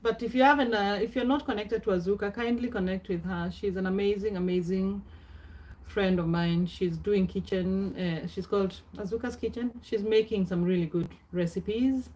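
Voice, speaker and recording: A woman's voice: medium pitch, normal speed, mellow. Chatty middle-aged woman hosting a live stream. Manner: chatty, greets viewers by name, frequent laughs and throat clearing. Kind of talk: casual live-stream chat.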